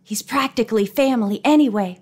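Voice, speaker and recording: Storybook teen boy who jokes and teases, voiced by a woman, a touch lower and quick. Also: darkish tone, breathy edge. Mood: teasing. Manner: teasing, brisk. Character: teenage boy Jimmy, joking and teasing.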